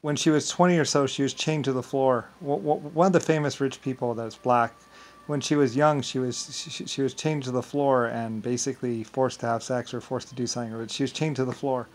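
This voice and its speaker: A man's voice: mid-range voice, fairly even intonation, a little fast, poor audio. A man talking in a casual, rambling monologue, often stumbling and repeating words as he restarts his sentences.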